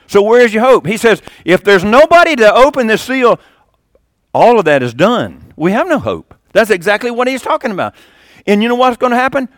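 Older preacher with dramatic swings. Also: male voice, no echo, clean studio sound. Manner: dramatic swings between loud emphasis and quiet low asides. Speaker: pastor. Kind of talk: sermon.

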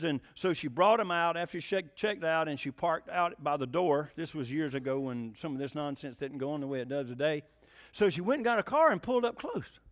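An older preacher with a drawl delivers a folksy sermon, his voice sitting high and swooping widely as he talks. He keeps asking his listeners questions and answers them himself. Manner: folksy, animated, asks the congregation questions.

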